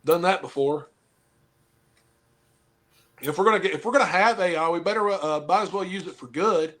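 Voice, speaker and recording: A man's voice: high-pitched, normal speed, a bit bright. Casual man giving blunt gym advice. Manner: rambling, joking, gives blunt advice. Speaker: pro wrestler and football coach. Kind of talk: casual podcast chat.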